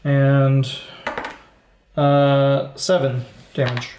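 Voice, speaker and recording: A relaxed player talks slowly through a turn at a tabletop game, joking and laughing about the dice. The room around the mic sounds echoey. A faint hiss sits under the voice. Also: mid-range voice. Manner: laid-back, laughs often, jokes about dice. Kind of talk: casual tabletop play.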